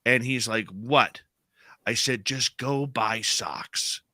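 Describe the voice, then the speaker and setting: A man's voice: mid-range voice, slow, no echo. A middle-aged man, a radio host, telling a personal story in casual chat and acting out the quotes. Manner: animated storyteller, acts out quotes.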